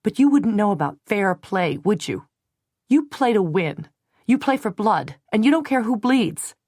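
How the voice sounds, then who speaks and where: Brief: hot-tempered thirtysomething man, voiced by a female narrator, blunt, forceful, dry close read. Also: medium pitch, sing-song, a little slow, no room sound, pitched above the performer's own voice. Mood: angry, heated. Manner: blunt, forceful, sometimes scornful. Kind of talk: audiobook character reading.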